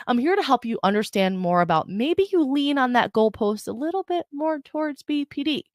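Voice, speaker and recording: Close to her podcast mic with no room sound, a woman from Ireland speaks at medium pitch. Her solo podcast mixes casual talk with reading aloud, delivered in a chatty, emphatic way full of broken-off and restarted thoughts.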